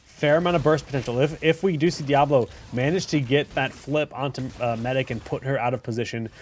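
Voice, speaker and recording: A man hosting casual commentary on viewer-submitted game replays. He talks in a chatty, rambling way, corrects himself often, and breaks into excited shouts at big plays. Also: medium pitch, a little fast, slight background noise.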